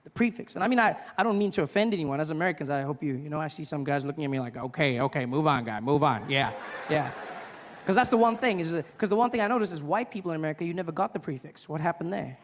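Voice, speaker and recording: A man in his thirties performs a stand-up comedy routine before a live audience, telling stories and acting out voices with animation. His voice is a little high and racing, with hardly any pauses, and a long reverb tail follows it.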